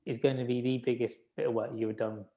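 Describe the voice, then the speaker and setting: A man in his thirties talking as a guest in a casual interview. He is relaxed and self-deprecating, often restarting his sentences as he thinks aloud. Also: mid-range voice, fast, muffled recording. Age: 30s. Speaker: podiatrist guest.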